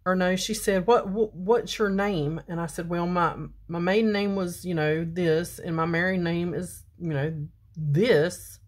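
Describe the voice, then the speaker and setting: Chatty woman in her fifties, lowish voice. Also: fairly even intonation, unhurried. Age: 50s. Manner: chatty storytelling while applying makeup. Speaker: beauty vlogger. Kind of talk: casual makeup chat.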